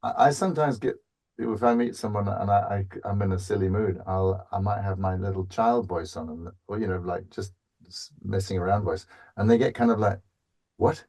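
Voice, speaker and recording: A man's voice: lowish voice, steady tone, a little fast, darkish tone. A man guest on a podcast talking in a rambling, playful way, often restarting his thoughts. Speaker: voice actor guest. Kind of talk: casual podcast chat.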